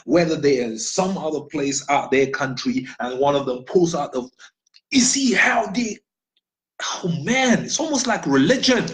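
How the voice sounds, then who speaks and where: A man's voice: mid-range voice, low-quality recording. Profane, ranting man. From Nigeria. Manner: rhetorical questions. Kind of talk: impassioned monologue.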